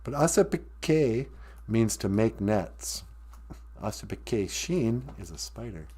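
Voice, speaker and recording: A man hosting a comedic podcast, talking in a dry, deadpan way and explaining words of the day. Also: fairly low pitch, slow, slightly rough. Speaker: podcast host and language teacher.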